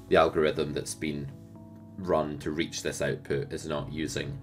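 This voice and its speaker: Very deep-voiced male poker coach. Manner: lively, asks the viewer rhetorical questions. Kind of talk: poker strategy lesson.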